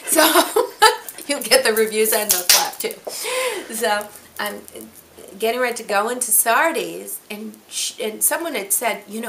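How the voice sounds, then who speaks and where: A woman in her sixties, a stage actress, telling an anecdote in a lively storytelling manner, acting out the quotes. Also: fairly high pitch, measured pace, background noise. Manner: animated, acts out quotes.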